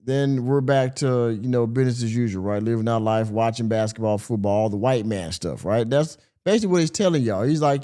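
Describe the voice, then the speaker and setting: A man's voice: medium pitch, brisk, few pauses, warm tone. A man hosting a podcast, giving casual reaction commentary in a rambling way, full of fillers. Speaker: podcast host.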